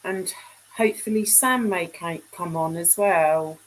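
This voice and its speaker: Slow, rambling woman on a livestream. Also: fairly low pitch, low-quality recording. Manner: chatty, rambling, trailing off mid-sentence. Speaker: livestream host. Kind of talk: casual live chat with viewers.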